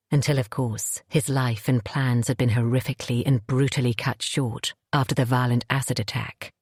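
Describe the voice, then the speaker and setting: An audiobook narrator reads scripted first-person narration in a low, husky, slightly mellow female voice. The recording is dry and clean, with studio sound.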